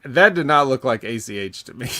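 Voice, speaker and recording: A man hosting a casual podcast, talking in a rambling, halting way with many fillers and restarts. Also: medium pitch, animated, pushed and bright. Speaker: podcast host.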